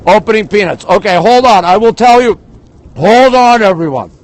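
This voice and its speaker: An older Montreal man speaks in a high voice with lively intonation at normal speed, ranting casually on a live stream while reading viewers' comments aloud. He's outdoors in a big city at dawn, recording on a phone with poor audio.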